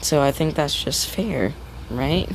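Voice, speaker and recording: A man's voice: fairly high pitch, expressive, slow, gravelly, background noise. Rambling man retelling a story casually. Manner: rambling, many restarts, swears casually.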